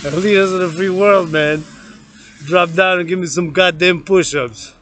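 A man's voice: sits high, steady tone, normal speed, fairly bright tone. A man rambling in a loose rant while marching outdoors, laughing between phrases and repeating words. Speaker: vlogger.

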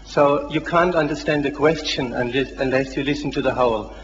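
A man's voice: medium pitch, brisk. A man in the audience at a lecture, politely but persistently asking to put his full question. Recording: dull old hall recording with reverb and hiss.

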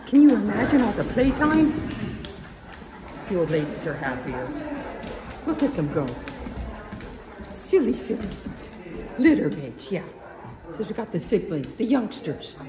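A woman's voice: mid-range voice, sing-song, unhurried, pauses often, crowd noise. Woman chatting to her dogs. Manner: chatty, talks affectionately to the dogs. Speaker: dog owner filming her dogs. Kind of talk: casual commentary while filming. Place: indoors in a house. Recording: echoey room with loud dogs. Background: dogs running and playing.

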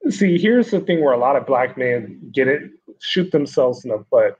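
A man who is a guest on a casual podcast chat, giving his opinions in a measured, matter-of-fact way. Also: medium pitch, lively intonation, darkish tone, breathy edge, highs cut off.

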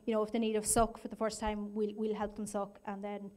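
A woman fields questions from the floor at a conference. Her pitch barely moves, so her delivery sounds even and level. She answers plainly and leans on small fillers as she goes. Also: a little fast. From Ireland. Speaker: researcher answering audience questions.

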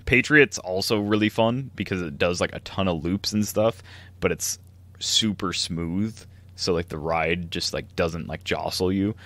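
A man's voice: deep voice, a little slow, a bit bright, no echo. A man co-hosting a podcast, rambling through a casual story and laughing often. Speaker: podcast co-host. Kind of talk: casual chat.

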